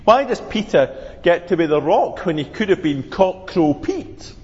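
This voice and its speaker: A man putting on an aggrieved apostle, raised and lively in pitch, pleading his case in quick indignant protests. The sound is dull and carries a long hall echo. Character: aggrieved, self-justifying apostle Thomas, adult man.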